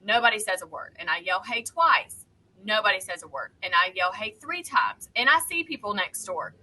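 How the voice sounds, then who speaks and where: A woman, co-hosting a podcast and telling a story in a heated, animated way. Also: medium pitch, fast, low-quality recording. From North Carolina, US. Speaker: podcast co-host. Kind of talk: casual chat, storytelling.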